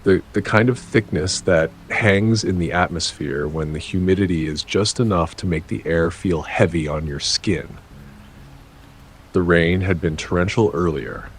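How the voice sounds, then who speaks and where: Male horror-story narrator, deep low voice, measured dramatic reading, faint hiss behind. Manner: measured, dramatic delivery with short halting phrases.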